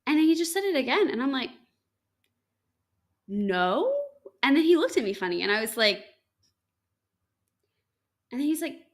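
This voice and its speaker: A woman's voice: high-pitched, very animated, fairly quick, long pauses. A young woman hosting a podcast, telling a story in casual chat, full of "like" and acted-out dialogue. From United States. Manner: chatty, full of "like", acts out quoted dialogue. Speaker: podcast host.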